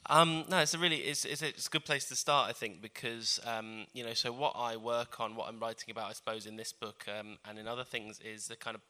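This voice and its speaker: A man's voice: mid-range voice, steady tone, a little fast, hardly any pauses, pushed and bright. A man from London with a formal southern English accent, a guest lecturer chatting at a live talk with many fillers. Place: festival event space.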